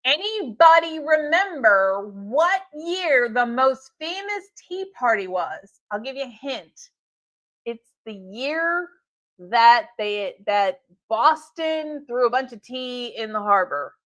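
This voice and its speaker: A woman's voice: fairly high pitch, sing-song, slow, fairly bright tone, dry recording. A woman hosting a live stream for her tea shop, talking in a chatty, upbeat way with fillers and laughs. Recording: dull lo-fi stream audio.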